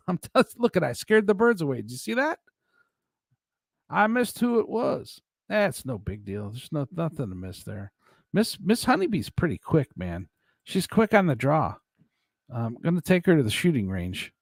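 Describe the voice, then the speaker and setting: A man's voice: a little high, very animated, a little slow, no echo, studio quality. A man hosting a casual livestream, rambling and joking as he reads viewer comments. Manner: rambling, joking, laughs often. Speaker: livestream host reading chat. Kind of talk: casual chat.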